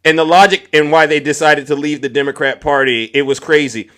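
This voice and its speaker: A man hosting a political commentary vlog in a mocking, animated way, talking straight to his viewers. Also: on the high side, fairly quick. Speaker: host.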